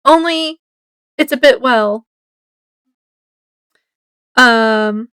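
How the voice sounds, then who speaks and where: A woman's voice: a little high, sharp tone, clean tone, dry recording, heavily acted. A woman reading as a pushy, prickly schoolgirl. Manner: read aloud haltingly.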